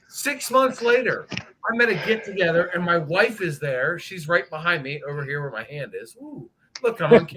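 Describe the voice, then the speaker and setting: A man's voice: a little high, pushed and bright, a little hiss or hum, low-quality recording. A man telling a long, profane story in casual chat on a livestream.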